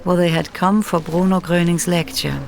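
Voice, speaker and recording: A woman reading a measured voice-over translation for a documentary. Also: lowish voice, steady tone, gravelly. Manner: measured, read.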